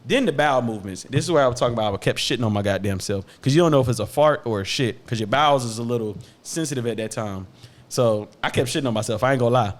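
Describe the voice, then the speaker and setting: A man's voice: mid-range voice, racing. A young man hosting a podcast, telling a story casually with profane slang and laughter. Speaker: podcast host.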